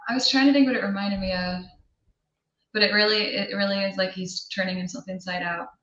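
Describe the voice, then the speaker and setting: A woman co-hosting a casual pop-culture podcast, chatty and quick to giggle. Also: mid-range voice, steady tone, fairly bright tone. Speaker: podcast co-host. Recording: roomy, muffled lo-fi recording.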